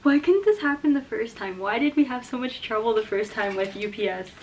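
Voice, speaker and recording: A young woman vlogging a book unboxing, gushing and emotional, jumping from excited squeals to hushed whispers. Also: fairly high pitch, fairly quick, a little hiss or hum. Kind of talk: casual unboxing vlog. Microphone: camera mic.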